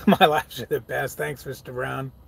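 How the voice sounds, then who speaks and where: A truck driver chatting casually on a live stream, reading viewer comments aloud and answering them, swearing freely and laughing often. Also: male voice, mid-range voice, fairly even intonation, a little slow, gravelly, slight background noise.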